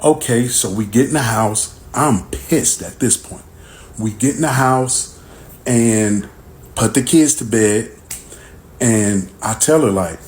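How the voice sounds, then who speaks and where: A man telling a personal story in a casual, animated and exasperated way. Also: medium pitch, takes it slowly.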